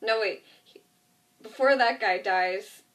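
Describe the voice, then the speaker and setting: A woman's voice: medium pitch, slow, a bit bright. A woman casually retelling a TV episode in a rambling way, full of fillers and asides. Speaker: vlogger. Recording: voice distant from the mic.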